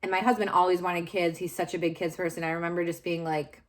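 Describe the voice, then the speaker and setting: A woman's voice: on the low side, level tone, fast. A woman vlogger candidly sharing a personal story, confessional and searching, with frequent fillers and restarts.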